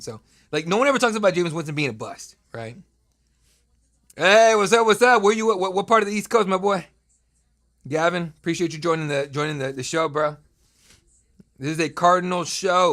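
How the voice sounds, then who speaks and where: Speaking into a desk mic at his home streaming setup, a thirtysomething man runs a live draft stream with a fairly high, slightly bright voice. He keeps the commentary casual, bantering loosely with his chat and cracking crude, profane jokes.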